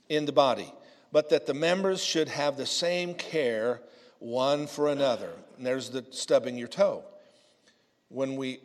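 A man's voice: medium pitch, long reverb tail. A man pastor preaching a conversational sermon, earnest, often repeating his words. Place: church sanctuary.

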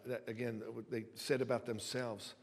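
A pastor delivering a sermon in a conversational way, stumbling over and repeating words and retelling stories with humor. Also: male voice, medium pitch, flat delivery, moderate pace. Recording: long hall reverb.

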